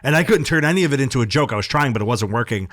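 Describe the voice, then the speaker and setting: A man's voice: mid-range voice, lively intonation, racing, a bit bright, no room sound, studio quality. A man co-hosting a podcast, a stand-up comic telling candid, profane stories in casual chat.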